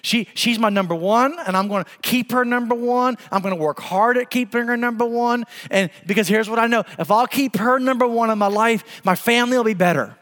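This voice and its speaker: A man's voice: extremely high pitch, fairly quick, few pauses, a bit bright. A man in his forties preaching a sermon as pastor, telling a story with emphasis and laughing now and then. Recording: long hall reverb.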